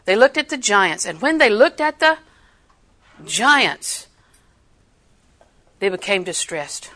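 An older woman preaching a sermon, emphatic and animated, acting out the people she quotes. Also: mid-range voice, slow pace.

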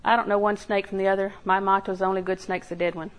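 Delivered fast and flat in a mid-range voice, this sermon by an older woman is built on homey stories told in a folksy manner. She acts out little quotes and laughs as she goes, and the recording is low quality.

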